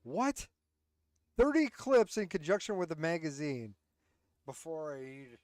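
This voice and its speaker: A man's voice: a little high, big pitch swings, moderate pace, a little mellow, dry recording. A man hosting his own commentary show from home, ranting bluntly and sarcastically with plenty of swearing, recorded close on a headset. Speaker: host. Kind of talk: casual commentary.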